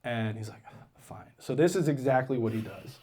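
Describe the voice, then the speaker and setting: A man doing stand-up comedy, telling a story on stage and dropping into flat, low-voiced quotes of other people. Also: a little fast. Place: theater stage with a live audience.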